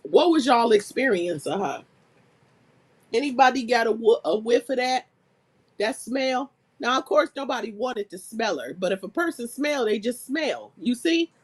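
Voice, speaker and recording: A woman's voice: a little high, moderate pace, husky. Laughing woman reading chat aloud. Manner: laughs constantly, reads comments aloud, animated. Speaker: host reading out chat comments. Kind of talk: casual live-stream chat.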